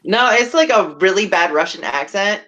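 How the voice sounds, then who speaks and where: A man's voice: high voice, lively intonation, normal speed, bright, forceful tone, muffled recording. A man hosting a casual live-streamed talk show, hesitant and rambling, with lots of fillers and the odd swear word.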